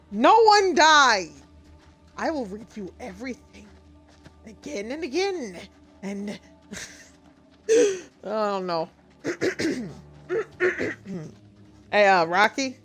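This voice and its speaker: A woman streamer commentating a horror game as she plays, swearing a lot and laughing at her own mistakes. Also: a little high. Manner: swings between loud shouted outbursts and muttering. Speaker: gaming streamer. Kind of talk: let's-play commentary.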